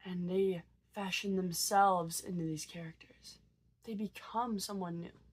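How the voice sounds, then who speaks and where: A woman's voice: on the low side, fairly even intonation, a little slow, husky. A woman vlogger with a cold, sounding tired as she tells a story in a loose, casual way. She hesitates a lot and trails into fillers and restarts. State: sick, tired.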